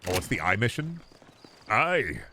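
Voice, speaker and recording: A man's voice: fairly low pitch, big pitch swings, a little slow, bright, forceful tone, slight background noise. A man streaming a video game, chatting casually in a rambling, joking, self-deprecating way. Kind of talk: casual gaming stream commentary.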